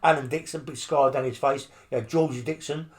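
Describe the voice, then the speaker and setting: An ex-criminal from London, now older, speaks at medium pitch with a steady, brisk delivery. In this storytelling interview he shares prison tales in a blunt, meandering way, swearing often and tacking on tag questions.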